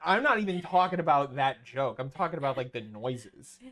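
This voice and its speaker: A man's voice: medium pitch, expressive, a little fast, a bit bright. Rambling, swearing male streamer. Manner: rambling, swears, many restarts. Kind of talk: casual stream chat.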